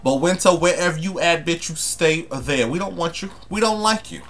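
A man's voice: a little high, normal speed, fairly bright tone. A young man, ranting to camera in a sassy, profane, emphatic way. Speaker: vlogger. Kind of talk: casual rant to camera.

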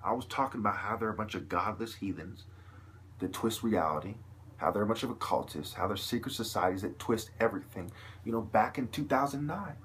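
A man's voice: lowish voice, brisk, fairly bright tone, a little hiss or hum. A man delivering a long, agitated, profane vlog monologue to camera, peppered with "you know.". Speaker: video blogger.

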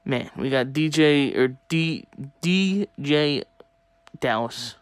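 A young man talking casually to viewers while opening sports cards, chatty and excitable. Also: fairly high pitch, takes it slowly, clean tone, no room sound. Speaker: sports card collector opening packs. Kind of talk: casual pack-opening vlog.

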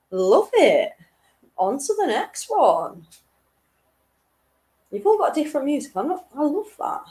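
A young woman runs a weekly online quiz, reading each question twice and laughing off her slips. Her voice is fairly high and swoops up and down with lively energy. She speaks slowly and takes her time. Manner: chatty and giggly, reading questions twice, tripping over words. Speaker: quiz host. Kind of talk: casual online quiz hosting.

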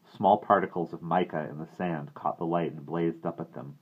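A man narrating a novel aloud in a steady, expressive manner. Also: low voice, normal speed, husky. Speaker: reader. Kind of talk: audiobook reading. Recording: tinny phone-like sound.

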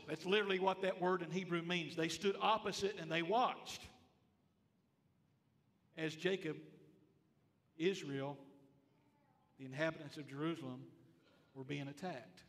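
A man delivers a sermon from the pulpit, his voice high-pitched and bright. He presses each point by repeating it and quizzing the congregation. The church hall carries a long reverb behind him. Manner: emphatic, repeats phrases, asks the congregation questions. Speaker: pastor. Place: church sanctuary.

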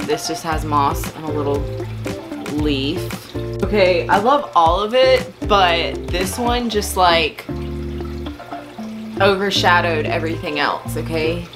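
Woman plant vlogger, low-ish voice, slow and gushing, faint music under her. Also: low-quality recording. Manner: gushing, overwhelmed and emotional. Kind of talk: casual unboxing vlog.

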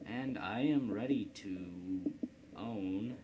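A man with a somewhat low voice talks through a strategy game in a loose, rambling way, cracking jokes at his own expense. A steady hiss sits under the recording. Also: drawn-out words, highs cut off. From Indiana, United States. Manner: rambling, joking, self-deprecating. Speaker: let's play host. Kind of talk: casual gameplay commentary. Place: at home computer.

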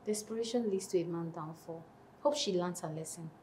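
An actress plays a teasing young friend gossiping, Nigerian accent. Her tone is warm and mellow, with a faint hum of room noise behind. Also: lowish voice, a little fast, close to an everyday voice.

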